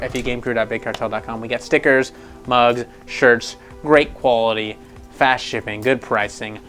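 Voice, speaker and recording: A man hosting a casual gaming news show, talking in a profane, animated, rambling way with frequent laughs. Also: mid-range voice.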